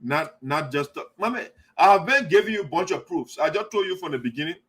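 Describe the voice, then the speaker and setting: A man's voice: a little high, lively intonation, fairly quick, fairly bright tone, husky. A man hosting a live online talk show, arguing passionately with callers and repeating his points. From Liberia. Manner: impassioned, repetitive, argumentative. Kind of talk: live call-in commentary.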